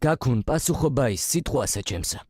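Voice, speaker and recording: A solemn king speaks his unit-select line in a strategy game. The delivery is steady and formal, at a middle pitch. The studio recording is completely dry. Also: normal speed, slightly rough, no echo.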